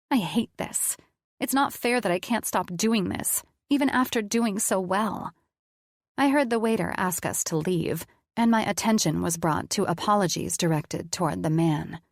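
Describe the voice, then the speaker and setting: A woman's voice: mid-range voice, moderate pace, gravelly, no echo, clean studio sound. A woman narrating a first-person audiobook in a candid, conversational way.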